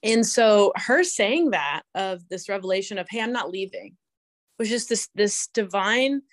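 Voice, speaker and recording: Young female co-host, reflective and halting, dry sound. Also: mid-range voice, animated, no room sound. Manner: reflective, halting, many restarts. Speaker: podcast co-host. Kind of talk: casual faith conversation.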